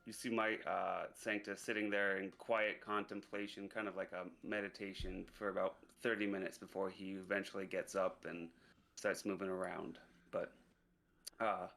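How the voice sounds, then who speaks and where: Gravelly low-voiced man playing a tabletop game. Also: little pitch movement, normal speed, fairly bright tone. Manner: easygoing, hesitant with uhs. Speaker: player. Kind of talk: casual tabletop play.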